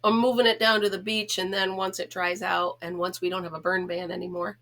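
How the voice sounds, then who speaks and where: A woman's voice: fairly low pitch, level tone, brisk, a bit bright. A middle-aged woman from the United States hosting a casual home chat vlog, talking in a chatty, giggly, self-teasing way. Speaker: host.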